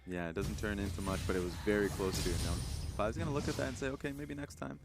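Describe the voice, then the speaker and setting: A man's voice: on the low side, animated, music in the background. A man giving live esports color commentary, analytical and chatty, often voicing what players are thinking. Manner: fast analytical talk with fillers, acts out players' thoughts.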